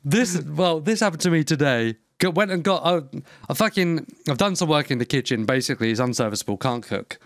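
A man co-hosting a podcast, swearing and laughing as he spins an everyday rant. His voice is a bit high and swings around a lot, and the sound is dry and close. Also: brisk, dry recording. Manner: lively, laughing, sweary storyteller. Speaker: podcast co-host. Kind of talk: casual banter.

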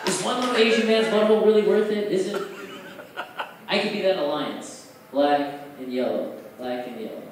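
A young man on an open-mic stage, his voice a little higher than most men's. He rambles loosely with a lot of fillers and breaks now and then into loud put-on voices. He is heard from across an echoey, noisy bar room. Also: normal speed, far from the mic. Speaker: stand-up comic.

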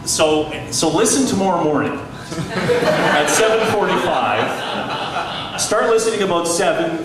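A man's voice: high voice, animated, takes it slowly. A middle-aged radio journalist telling anecdotes on a panel, chatty, laughing often and restarting his sentences. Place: panel discussion in a large echoey room. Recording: echoey hall from far off, noisy.

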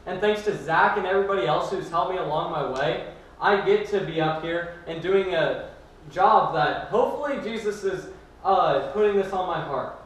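A man's voice: high voice, a bit bright. A young man giving a youth sermon as a student preacher, telling a personal story in an earnest way. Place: church hall. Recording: echoey room from far off.

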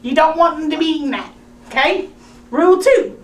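A woman's voice: high-pitched, expressive, fairly quick. A woman playing a brash, folksy Southern woman with a Southern US accent in an improvised comedy sketch, talking in a drawling, giggly, over-the-top way. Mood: gleeful. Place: film set, indoors. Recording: roomy distant mic, loud background noise.

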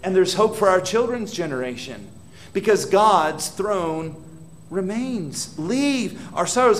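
Speaking slowly with lively intonation, a man whose voice sits high preaches dramatically in a church hall; a little hiss or hum is audible. The pastor prays aloud with growing intensity and addresses questions straight to his congregation.

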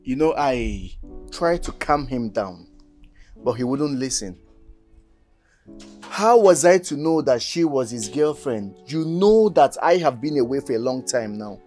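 A man's voice: medium pitch, animated, a little slow, a little mellow, faint music behind, natural voice. An actor playing an aggrieved young man who explains himself respectfully, with a Nigerian accent and an indignant tone. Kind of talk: Nollywood film acting.

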